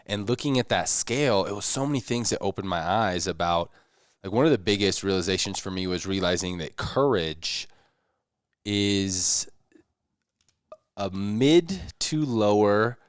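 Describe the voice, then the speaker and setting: A man co-hosting a podcast in casual chat, laughing easily and getting animated when telling stories. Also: on the low side, normal speed, clean tone, dry recording, studio quality. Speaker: podcast co-host.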